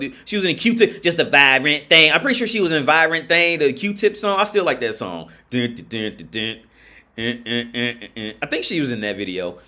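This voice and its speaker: A man with a high-pitched voice holds forth on his livestream. He rants emphatically, swears freely and hammers the same phrases again and again. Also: fairly bright tone. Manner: emphatic, profane, repeats phrases. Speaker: livestream host. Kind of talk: ranting livestream monologue.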